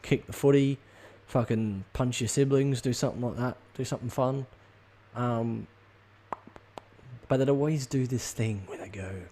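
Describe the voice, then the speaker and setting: A man's voice: fairly low pitch, dark tone, a little hiss or hum. Swearing man ranting casually. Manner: profane, rambling, halting with ums. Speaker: podcast host. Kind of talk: casual comedic rant.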